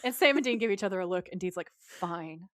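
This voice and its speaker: A woman's voice: medium pitch, rapid-fire, no room sound, studio quality. A woman co-hosting a podcast, casually recapping an episode and quoting the characters' lines as she goes. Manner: retells scenes while quoting the characters' lines. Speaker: podcast co-host.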